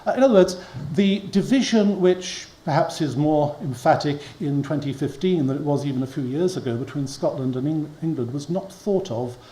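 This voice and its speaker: The speaker is a man with a mellow, medium-pitched voice giving a public history lecture to an audience in an echoey hall, faint hum audible. He comes across as wry and prone to chuckling at his own asides.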